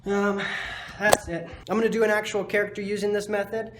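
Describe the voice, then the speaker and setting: A man's voice: high-pitched, level tone, fairly quick, background noise. A man hosting a casual drawing tutorial, rambling and poking fun at his own mistakes with lots of filler words. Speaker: art tutorial host.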